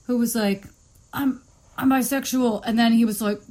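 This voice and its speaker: A woman's voice: fairly high pitch, brisk. A woman hosting a podcast, chatting casually and acting out quotes with swearing. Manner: animated, swears freely, acts out quotes. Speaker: podcast host. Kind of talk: casual chat.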